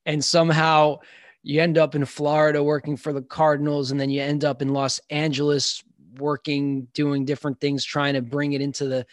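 A man from Long Island talks as a podcast guest, rambling and enthusiastic, restarting his sentences often. His voice sits on the higher side. The sound is dry and close, with little room echo. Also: level tone, normal speed. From Long Island, New York. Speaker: sports physical therapist guest. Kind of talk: casual podcast conversation.

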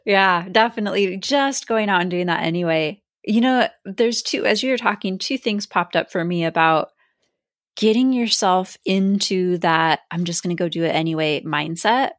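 Woman, podcast host, casual chat, lively and animated, low-pitched, dry close mic. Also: moderate pace, dry recording.

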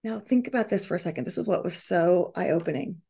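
A woman's voice: fairly low pitch, a little fast, vocal fry, breathy edge. A middle-aged woman hosting a coaching session, reading out participants' comments and acting out quoted voices. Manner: animated, reads out group comments, acts out quoted voices. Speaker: podcast host and coach. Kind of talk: coaching talk to a live group.

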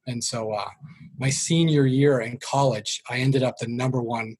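A middle-aged man with a Boston accent tells stories as an interview guest. His voice is husky and rough around the edges. He jokes at his own expense and lowers his voice when he quotes his parents. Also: fairly even intonation, normal speed, darkish tone. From Boston area. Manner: self-deprecating, jokey, drops voice for quoted parents. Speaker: sales trainer, guest. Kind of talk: storytelling interview.

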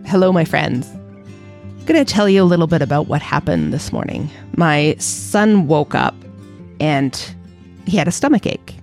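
Low, gravelly-voiced woman podcast host. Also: animated, a little slow, darkish tone, faint music behind. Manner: candid, reflective, self-searching. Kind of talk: personal storytelling monologue.

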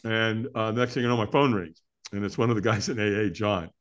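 A man's voice: on the low side, fairly quick. A middle-aged man, a podcast guest, telling a personal story candidly and with energy, often restarting his sentences.

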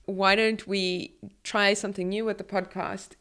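A woman's voice: medium pitch, flat delivery, normal speed, fairly bright tone, clear, resonant tone, no room sound, studio quality. A woman co-hosting a podcast, chatting casually with playful, giggly banter. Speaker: podcast co-host.

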